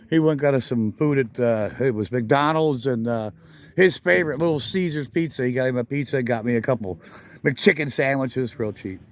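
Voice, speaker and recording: A middle-aged man chatting casually in a garage vlog outdoors, rambling and correcting himself with frequent chuckles. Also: fairly high pitch. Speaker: garage channel vlogger.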